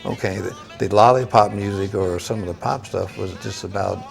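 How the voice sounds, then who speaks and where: A man talking in an interview, halting and emphatic, with many fillers as he makes his point. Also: lowish voice, fairly even intonation, vocal fry, music in the background. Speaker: interviewee, musician. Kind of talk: reflective interview talk.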